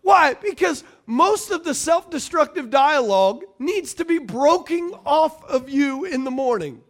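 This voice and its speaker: Middle-aged male pastor, very high voice, sermon with call-and-response, loud and soft by turns. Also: lively intonation, measured pace. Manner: preaching with call-and-response, swings between loud and quiet.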